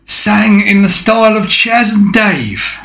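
A man's voice: high-pitched, expressive, slow pace, creaky, fairly bright tone. A man co-hosting a casual podcast chat, hesitant and self-deprecating. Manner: hesitant, self-deprecating, nervous before singing. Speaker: podcast co-host.

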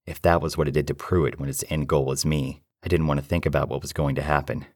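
A man narrating a first-person horror story in a low, steady, measured way. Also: dry recording, clean studio sound.

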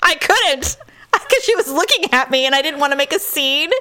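A woman's voice: high voice, animated, moderate pace, bright, forceful tone. A woman telling a story in a casual podcast chat. She acts out the other people's lines and laughs often.

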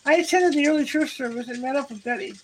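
A woman's voice: high-pitched, fast, slight background noise, natural voice, low-quality recording. A woman reading as a pushy, prying mother. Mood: eager, prying. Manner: breathless, insistent questioning. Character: prying middle-aged churchgoing mother.

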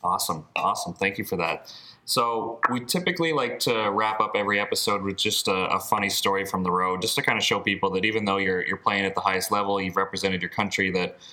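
A man's voice: low-pitched, fast talker, sharp tone, low-quality recording. A man from Canada hosting a sports podcast in a chatty, casual way, wrapping up an interview. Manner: chatty, many fillers and restarts. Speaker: podcast host.

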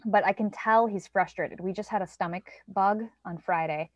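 A mid-range voice at a moderate pace belongs to a parent guest, a woman in her thirties, chatting casually about her child. She often acts out quoted lines by raising her voice. The recording is dry, echo-free, and slightly dull.

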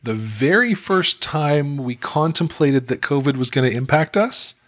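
A man's voice: fairly high pitch, animated, unhurried, fairly bright tone. A man co-hosting a podcast in casual chat, reading out figures and joking along. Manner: chatty, reads out stats, jokey. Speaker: podcast co-host.

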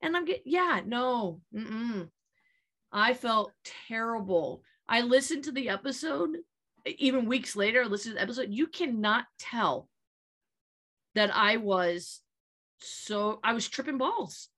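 A woman's voice: fairly high pitch, a little slow. Candid, laughing woman in her late thirties. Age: late 30s. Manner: candid, animated storytelling with laughs and profanity. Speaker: podcast co-host. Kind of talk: casual chat.

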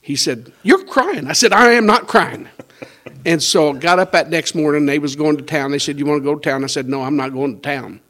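Older pastor, 60s, folksy testimony, chuckles a lot, kinda high voice. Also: male voice, steady tone, fast, hardly any pauses. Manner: storytelling with quoted dialogue and chuckles. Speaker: pastor sharing his testimony. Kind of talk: conversational personal testimony.

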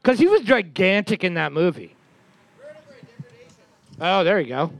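A man's voice: sits high, big pitch swings, measured pace, vocal fry. A man co-hosting a casual comedy chat, riffing jokes and rambling with lots of fillers. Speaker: co-host.

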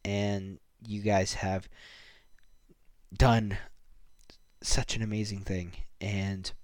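A young man hosting his own podcast, talking earnestly and haltingly as he signs off the season, a little emotional and grateful. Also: lowish voice, dry recording, clean studio sound. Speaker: podcast host. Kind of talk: solo podcast sign-off.

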